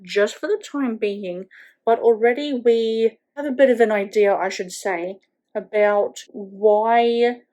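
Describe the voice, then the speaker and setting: A slow, unhurried woman vlogger talks about a book in a casual, rambling way, leaning on "like" as a filler. Her voice sits a little high. She is speaking at home at night. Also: dark tone. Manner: chatty, rambling, many "like" fillers. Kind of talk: casual reading vlog chat.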